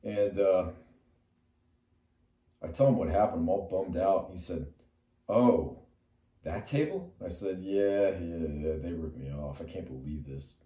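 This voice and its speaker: A man's voice: low-pitched, measured pace, long pauses, warm tone. Middle-aged man rambling in a roomy space. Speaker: metal musician and artist. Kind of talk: rambling personal storytelling to camera. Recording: roomy sound from a distant mic.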